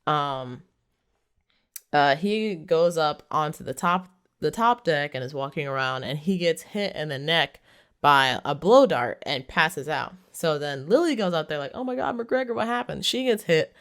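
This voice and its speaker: A movie reviewer walks through a plot in a loose, chatty way, with plenty of ums and likes and little chuckles. The voice is smooth and clear, sitting at an ordinary middle pitch. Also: expressive, measured pace, a bit bright. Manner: rambling, lots of fillers, chuckles often. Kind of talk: casual plot recap.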